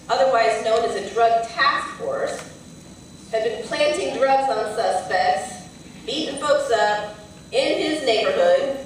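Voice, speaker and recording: Woman lawyer telling a story at a lecture, a bit high, big booming hall echo, mic kinda far off. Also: a little hiss or hum. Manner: earnest, vivid storytelling. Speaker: civil rights lawyer and lecturer. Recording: very echoey hall, heard from afar.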